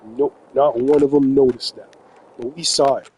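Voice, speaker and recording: A man's voice: mid-range voice, fairly even intonation, moderate pace, warm tone, a little hiss or hum, low-quality recording. Profane, rambling man from New Brunswick. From New Brunswick, Canada. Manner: profane, rambling, laughs often. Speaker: gaming vlogger telling a story. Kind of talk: casual storytelling.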